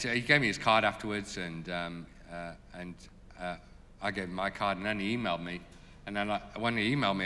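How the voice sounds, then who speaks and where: A man telling stories in an interview as a charity leader, animated and full of fillers. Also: low voice, long reverb tail, a little hiss or hum. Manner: animated, lots of fillers, laughs as he tells it. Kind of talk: storytelling in an interview.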